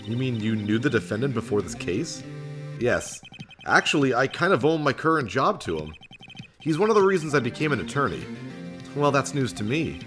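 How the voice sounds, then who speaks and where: A man's voice: medium pitch, very animated, moderate pace, music in the background, lightly acted. A man voicing a young male defense lawyer in a game, reading in a dry, wry way. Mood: earnest.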